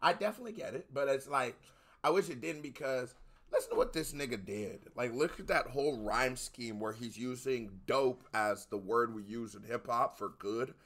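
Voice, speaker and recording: Young American reaction host, bright voice, loose and animated. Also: male voice, medium pitch, moderate pace. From United States. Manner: animated, swearing, talks over the track. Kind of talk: casual reaction commentary.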